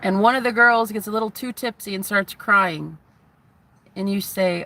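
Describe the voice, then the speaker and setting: Woman in her thirties, raspy, sharp-edged, heated profane taunting rant. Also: mid-range voice, moderate pace, slight background noise. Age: 30s. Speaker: spiritual vlogger. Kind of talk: angry rant to camera.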